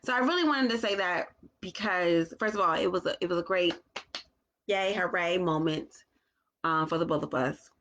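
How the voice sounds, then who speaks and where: A mother talking casually to her viewers, halting often with restarts as she slows down to find her words. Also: on the low side, fairly bright tone, highs cut off, a little hiss or hum. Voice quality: slow, deliberate delivery. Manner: halting, with restarts and long pauses. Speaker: parent vlogger. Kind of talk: casual talk to camera.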